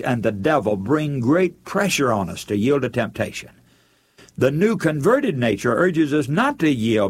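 A male preacher delivers an earnest sermon in a slightly husky voice. His pitch rises and falls freely as he speaks, and he turns to his listeners as friends.

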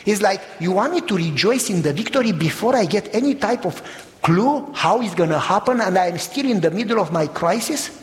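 A man preaching a sermon in an animated storytelling manner, exclaiming and acting out voices. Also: high-pitched, brisk. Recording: long reverb of a hall.

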